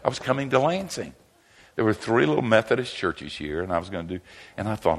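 An older man, a pastor and seminary teacher, telling humorous stories in a lively, self-mocking way and chuckling often. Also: low-pitched, brisk. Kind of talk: humorous storytelling talk.

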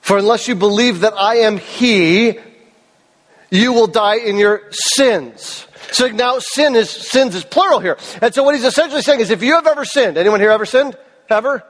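A man's voice: sits high, normal speed, fairly bright tone. A male pastor preaching an earnest, emphatic sermon, his voice cracking at times and putting questions to the congregation. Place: church service hall. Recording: long reverb of a large hall.

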